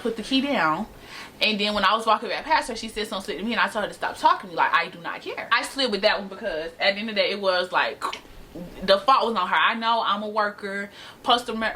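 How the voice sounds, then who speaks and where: Bright-voiced young woman telling a story. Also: mid-range voice, a little hiss or hum. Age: young adult. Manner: animated, slangy, laughs often. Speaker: storytime vlogger. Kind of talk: casual storytime to camera. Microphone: camera mic.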